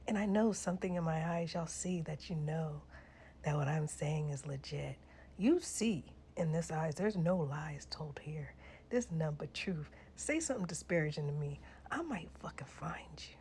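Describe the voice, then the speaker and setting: A woman's voice: on the low side, big pitch swings, moderate pace, breathy edge. Blunt, profane woman ranting. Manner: blunt, profane, swings between loud outbursts and hushed asides. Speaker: social media creator. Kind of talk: casual vlog rant.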